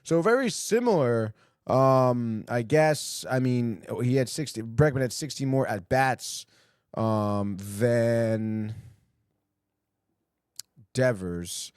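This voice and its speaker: A man's voice: mid-range voice, slow, darkish tone, clear, resonant tone, dry recording, studio quality. A man hosting a casual sports podcast, loose and profane, filling his talk with "dude" and "like" and mocking the headlines and quotes he reads out. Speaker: podcast host.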